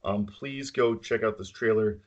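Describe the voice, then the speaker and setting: Laughing, opinionated low-voiced man. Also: a little slow, muffled recording. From central New York. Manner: laughs often, rambling and opinionated. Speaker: podcast co-host. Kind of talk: casual chat.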